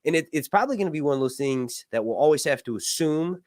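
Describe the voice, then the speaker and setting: A man's voice: fairly high pitch, lively intonation, quick pace, darkish tone, no room sound, studio quality. A man hosting a casual livestream discussion, rambling and talkative, with lots of fillers and restarts. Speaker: podcast host.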